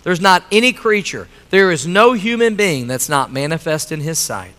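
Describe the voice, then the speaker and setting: Middle-aged male pastor, sermon delivery, high bright voice, echo of a church hall. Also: lively intonation, normal speed. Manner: emphatic, repeating lines, telling a joke story. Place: church sanctuary.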